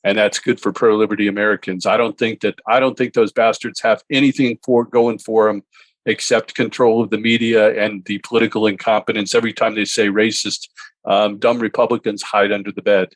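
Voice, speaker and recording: Low-voiced guy hosting, blunt, swears a lot, dry close sound. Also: little pitch movement, fairly quick, no room sound. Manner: blunt, combative, swears freely. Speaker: podcast host. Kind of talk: blunt political talk.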